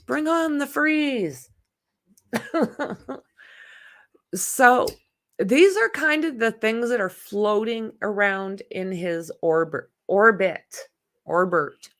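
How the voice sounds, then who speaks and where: A woman with an unhurried, gravelly voice on the high side hosts a relaxed true-crime livestream. Greeting viewers by name, chatting and reading comments out loud, she turns outspoken and exasperated when dealing bluntly with spammers.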